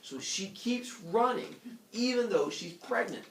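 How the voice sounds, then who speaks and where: A man's voice: sits high, animated, unhurried. A man retelling a myth to a live group in a goofy, comic way, with laughs and sound effects. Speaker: storyteller. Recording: echoey room from a distant mic, faint noise.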